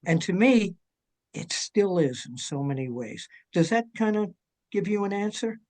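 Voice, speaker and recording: An older man chatting as a guest, telling stories in an energetic, jokey way. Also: sits high, normal speed. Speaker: guest, wrestling journalist. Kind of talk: casual chat.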